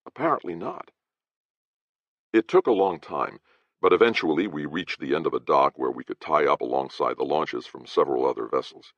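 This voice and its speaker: A man narrating an audiobook in first person with measured storytelling, in a dry, slightly dull recording. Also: rumbling low, no echo.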